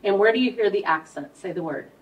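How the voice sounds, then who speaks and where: A woman tutor calmly walking a student through a spelling lesson, one prompt at a time. Her voice sits at an ordinary middle pitch and is picked up from some distance. A faint hum of room ambience stays underneath. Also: quick pace. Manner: patient, prompting step by step. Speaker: reading tutor. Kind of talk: one-on-one structured literacy lesson.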